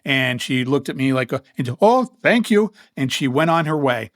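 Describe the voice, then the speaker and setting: A man's voice: medium pitch, steady tone, normal speed, fairly bright tone, dry recording, clean studio sound. A man co-hosting a podcast, chatting casually and telling a story with wry humor and acted-out dialogue. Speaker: podcast co-host. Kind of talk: casual chat.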